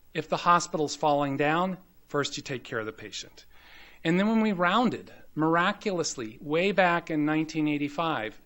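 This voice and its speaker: A man's voice: fairly high pitch, fairly bright tone. A man in his fifties from the American South, giving a medical lecture told through personal stories with many ums. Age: 50s. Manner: anecdotal storyteller, frequent ums and you-knows. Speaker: grand rounds speaker. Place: lecture hall.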